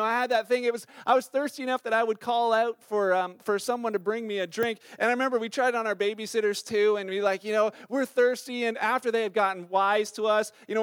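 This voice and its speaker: A man's voice: high voice, clean tone, no room sound, clean studio sound. A middle-aged man, a pastor, preaching a sermon in church in a chatty, storytelling way with lots of fillers. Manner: conversational, animated storytelling with many fillers.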